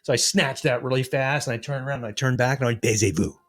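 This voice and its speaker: A man's voice: medium pitch, level tone, quick pace, a bit bright. A man co-hosting a podcast, blunt and swearing freely in casual chat. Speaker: podcast co-host.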